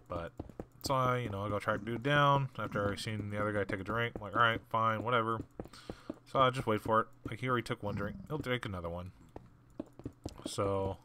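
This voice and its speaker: A low-pitched man with a bright, forceful edge recounts a story in a casual, animated way. He jumps up in pitch whenever he quotes someone. A faint hiss sits under his voice. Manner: animated retelling, jumps higher when quoting people. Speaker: gaming channel host. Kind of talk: casual storytelling while playing.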